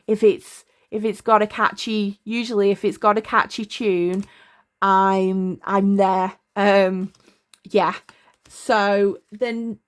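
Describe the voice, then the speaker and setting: A middle-aged woman talking to camera at her desk in a casual, rambling way, often stopping to search for words. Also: mid-range voice. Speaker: tarot vlogger. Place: indoors at a desk.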